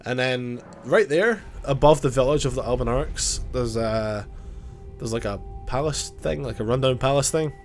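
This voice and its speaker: A man's voice: medium pitch, normal speed, faint music behind. A man with a cold, giving casual, joking gameplay commentary, self-mocking and swearing now and then. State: has a cold. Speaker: gaming YouTuber.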